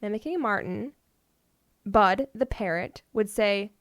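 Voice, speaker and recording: A woman's voice: medium pitch, measured pace, a bit bright, no echo, clean studio sound. A woman co-hosting a podcast, telling odd stories in a playful, casual way and often laughing. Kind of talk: casual storytelling chat.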